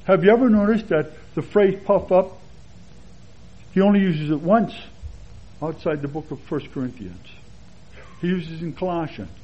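A man with a slightly raised, husky voice teaches a sermon in an easy, chatty way, moving through verses and personal stories. The recording is dull and lo-fi, as on an old sermon tape. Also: on the high side, moderate pace, long pauses. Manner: relaxed, chatty, with anecdotes and chuckles. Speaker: Bible teacher. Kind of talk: conversational expository sermon.

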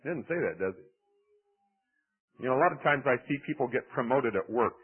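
Husky-voiced male preacher on tinny radio. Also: medium pitch, normal speed, soft background music. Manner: animated, conversational preaching with dramatic swings in delivery. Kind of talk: sermon. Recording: tinny phone-like radio broadcast.

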